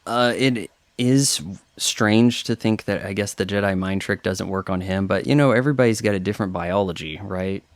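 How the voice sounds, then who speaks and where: A man's voice: lowish voice, moderate pace, hardly any pauses, no room sound. A man chatting casually through a film commentary, opinionated and thinking aloud with fillers. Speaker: commentary host.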